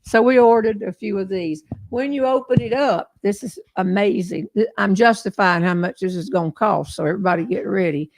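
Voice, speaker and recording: An older woman with a Southern American accent talks in a chatty, folksy way. Her voice has a gravelly fry, and it sounds close and dry, with no room around it. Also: medium pitch, a little fast, few pauses, a little mellow, no room sound. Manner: folksy, chatty storyteller, laughs often. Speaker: host. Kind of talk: casual livestream chat.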